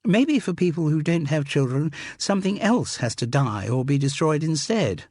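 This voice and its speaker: Twinks, a man doing a bright upper-class young woman. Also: sing-song, normal speed, no echo. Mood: brisk. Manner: crisp, high, upper-class English chatter. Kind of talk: audiobook character voice. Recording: dry close studio sound.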